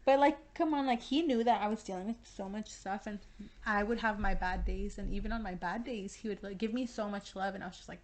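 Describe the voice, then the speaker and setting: A woman's voice: medium pitch, fairly quick. A young woman co-hosting a podcast in casual chat, chatty and giggly, with lots of fillers. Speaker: podcast co-host.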